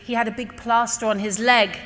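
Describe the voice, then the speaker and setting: A woman giving an impassioned religious talk to a gathering, telling a personal story in an earnest, emotional way and slowing down to stress key words. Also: fairly high pitch, fairly even intonation, fairly bright tone. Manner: earnest, emotional, slows down for emphasis. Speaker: speaker addressing a religious gathering. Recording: long reverb of a large hall.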